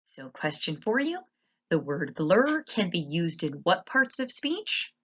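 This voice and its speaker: A woman teacher narrating a slide lesson, explaining patiently and spelling words out slowly. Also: on the low side, big pitch swings, a bit bright, slightly rough, dull audio.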